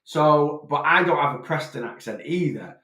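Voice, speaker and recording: A man's voice: a little high, animated, moderate pace, sharp tone, reverberant. A man from Northwest England with a Lancashire accent, a weight loss coach answering questions in a live chat and checking in with "right?" as he explains. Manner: explanatory, peppers talk with "right?".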